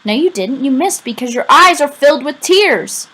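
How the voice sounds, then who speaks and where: A woman's voice: sits high, expressive, moderate pace, pitched above the performer's own voice, low-quality recording. A woman voicing a tough, grieving teenage boy. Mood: defiant. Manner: defiant, shouting.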